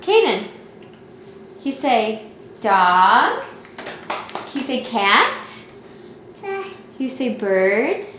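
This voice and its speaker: At home, a mother filming her toddler patiently coaxes the child to say words, repeating short questions in a sing-song way. Her fairly high, slightly bright voice is very animated and very slow, with frequent pauses. The room is echoey, with faint background hiss.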